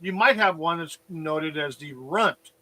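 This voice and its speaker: High bright-voiced guy rambling on a stream, loves analogies. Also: animated, unhurried, poor audio. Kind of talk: casual livestream chat.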